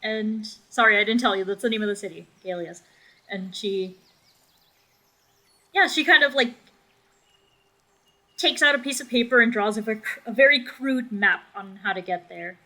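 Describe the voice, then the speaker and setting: A woman's voice: mid-range voice, moderate pace, pauses often, pushed and bright, low-quality recording. A young woman narrating as game master in a casual, rambling way.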